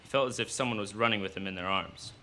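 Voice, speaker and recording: A man reading his own fiction aloud at a live cafe event, in steady storytelling narration. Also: lowish voice, quick pace, slight background noise.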